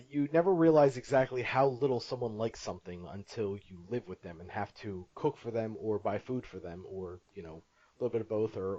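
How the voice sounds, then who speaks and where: A man hosting a casual podcast, talking in long rambling runs and breaking into laughs at his own jokes. His voice sits at an average pitch. The recording is dry and a bit muffled. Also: a little mellow, no echo. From Italian-American family. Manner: rambling, laughs often, jokey. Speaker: podcast host.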